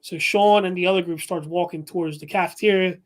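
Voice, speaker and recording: A man's voice: high voice, steady tone, brisk. Rambling male paranormal investigator storyteller. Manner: rambling with many fillers and restarts. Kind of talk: casual storytelling.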